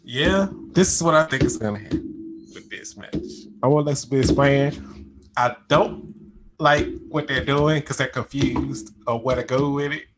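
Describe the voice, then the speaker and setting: A man's voice: medium pitch, normal speed, background noise. A man co-hosting a casual podcast, giving laid-back opinions and short agreeing replies. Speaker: podcast co-host. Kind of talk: casual chat.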